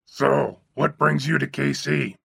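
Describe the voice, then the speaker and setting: A man voicing a gregarious, overweight, chain-smoking male cab driver with a raspy, phlegmy voice and a folksy, chatty way of talking. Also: mid-range voice, steady tone, takes it slowly, fairly bright tone, dry recording, studio quality, voice pushed down, heavily acted. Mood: folksy chatter. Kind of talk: audiobook character voice.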